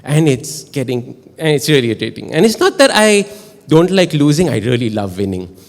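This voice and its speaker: Animated Indian man telling a story on stage. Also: medium pitch, a little fast, creaky, big-room sound. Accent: Indian English. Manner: animated, chatty, asks the audience questions. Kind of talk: live storytelling performance. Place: stage in a performance hall.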